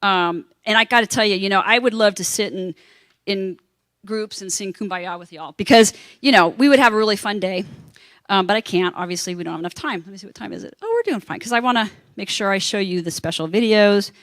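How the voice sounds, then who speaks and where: A woman telling a lively anecdote to a convention panel audience, acting out the voices of the people in her story. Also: mid-range voice, brisk, no echo, clean studio sound. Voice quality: animated, acts out quoted voices. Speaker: panel speaker.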